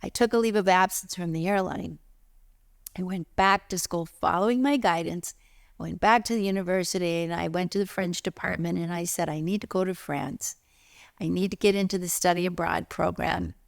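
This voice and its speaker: A middle-aged woman tells a story about her own life and acts out the other people in it. Her voice is mid-pitched with a gravelly edge. It is recorded close and dry, with almost no room sound. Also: steady tone, moderate pace, no echo. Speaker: spiritual teacher and author. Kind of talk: personal storytelling monologue.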